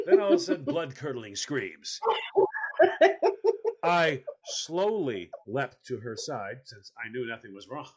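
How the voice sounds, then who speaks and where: A man's voice: a little high, fairly bright tone, slightly rough. A man comically retelling an exasperating story, laughing as he talks with mock bewilderment. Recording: audience noise behind.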